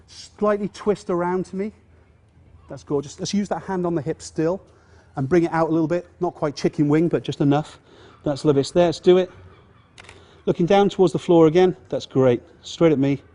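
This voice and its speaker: An English man teaching portrait lighting, giving a hands-on demonstration and coaching a model as he works. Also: high-pitched. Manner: directing a model with warm encouragement. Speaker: photography instructor. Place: outdoors at a seafront location.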